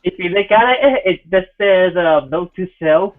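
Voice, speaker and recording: A man's voice: high-pitched, a little slow, noisy background. A man playing a tabletop role-play, giving short, offhand replies. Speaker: player. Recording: dull lo-fi mic.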